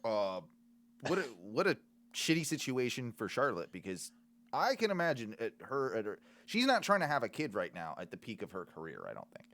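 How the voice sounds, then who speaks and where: A man's voice: mid-range voice, huge pitch swings, a little fast, fairly bright tone. A man co-hosting a podcast in casual chat, hesitant, often restarting and hedging his points. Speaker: podcast co-host.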